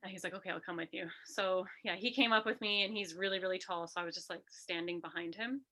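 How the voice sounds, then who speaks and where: A woman guest on an interview, talking through a personal story with lively energy. Her voice sits low but has a bright, forward edge. She often slips into quick re-enactments of what people said. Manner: animated, re-enacts quotes in a lively voice.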